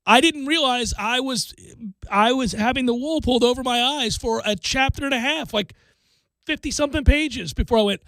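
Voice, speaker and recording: High, gravelly-voiced sports radio host. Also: male voice, moderate pace, no room sound. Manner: animated storytelling, laughs often. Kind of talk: casual sports radio banter.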